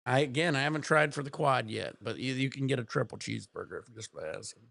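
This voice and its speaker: A man's voice: mid-range voice, quick pace, creaky, fairly bright tone, dry recording, studio quality. A man streaming from home, chatting casually in a rambling, laid-back way with plenty of swearing.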